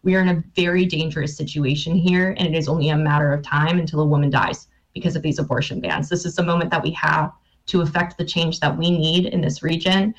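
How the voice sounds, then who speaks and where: A woman with a lowish voice makes an urgent, direct appeal as a campaign guest. Her audio comes through dull and lo-fi, as if from a remote connection. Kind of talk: earnest advocacy appeal.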